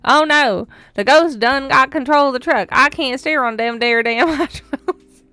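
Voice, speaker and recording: A woman voicing a hammy male trucker in a loud, exaggerated rural drawl, while reading a game aloud. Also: sits high, unhurried, no room sound, voice pushed up. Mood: panicked. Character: hammy backwoods male ghost-hunting trucker.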